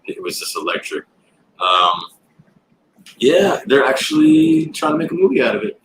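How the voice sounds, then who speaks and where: A man guest at a comic shop signing, telling stories in a relaxed, rambling way with fillers. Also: a little high, moderate pace, creaky. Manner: relaxed storytelling with filler words and restarts. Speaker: actor and guest. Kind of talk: casual interview chat. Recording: roomy, with faint background noise.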